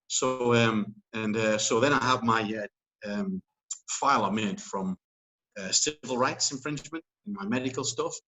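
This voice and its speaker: A man's voice: mid-range voice, a little slow, sharp tone, rough recording. A man speaking as an interview guest. He talks in casual chat, rambling and emphatic, with many fillers and restarts.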